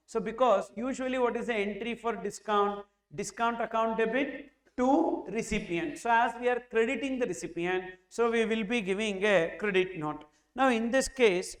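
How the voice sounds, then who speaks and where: High-voiced man lecturing on tax. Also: echoey room. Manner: asks and answers his own questions, slow dictation of entries. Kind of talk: classroom lecture.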